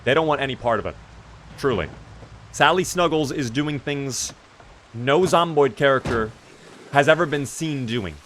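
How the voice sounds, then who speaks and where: A man's voice: medium pitch, normal speed, pauses often, slight background noise. A young man chatting casually while live-streaming a survival game, reading out chat and breaking into exasperated outbursts. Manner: animated, exasperated outbursts at his character.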